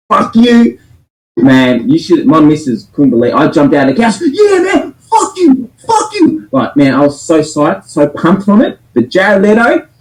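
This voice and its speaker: A man's voice: on the high side, darkish tone, poor audio. A man with an Australian accent, talking in a casual livestream chat, emphatic, fired up and swearing often. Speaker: co-host reviewing a film.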